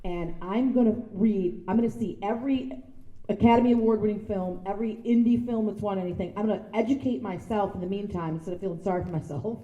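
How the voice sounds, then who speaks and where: A woman telling lively anecdotes as a guest speaker, acting out other people's voices. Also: mid-range voice, quick pace, highs cut off. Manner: animated storytelling, acting out voices with laughter. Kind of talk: anecdotal speech to an audience. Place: large sound stage before an audience. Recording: echoey room.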